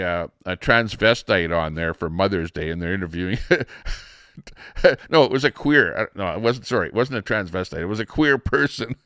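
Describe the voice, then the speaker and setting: A man's voice: on the low side, fairly bright tone, smooth, no echo, clean studio sound. A middle-aged man ranting casually as a livestream host, rambling with many fillers and restarts in an indignant tone.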